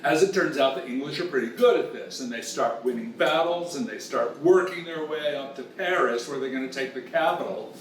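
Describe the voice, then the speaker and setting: A man's voice: mid-range voice, fairly quick, hardly any pauses, recorded from a distance, slight background noise. A man hosting a comic lesson who retells a story in a playful, bawdy, teasing way. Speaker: host. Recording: echoey room, voice off the mic.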